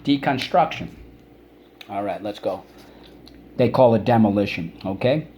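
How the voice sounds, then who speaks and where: Over slight background noise, a man with a fairly low, mellow voice leads a recorded children's vocabulary lesson. He stretches syllables out and gently urges the kids to say the words back.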